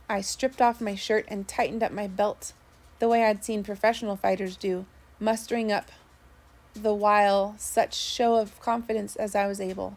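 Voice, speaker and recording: A woman narrating a first-person sea story, steady with small slips. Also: mid-range voice, moderate pace. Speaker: audiobook narrator.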